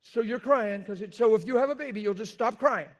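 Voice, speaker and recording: A high-voiced male pastor preaches with blunt, confessional candor. He shouts out his points and then drops low and quiet. His high pitch carries through both. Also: fairly quick. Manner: swings from loud shouting to quiet storytelling. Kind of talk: sermon.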